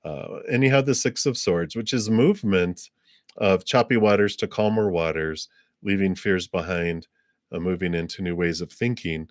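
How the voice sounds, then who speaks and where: A man's voice: sits low, normal speed, dry recording, clean studio sound. A man giving tarot card readings on a live stream, rambling loosely with many ums and little laughs, acting out people's reactions. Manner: breaks into little laughs, acts out quoted reactions.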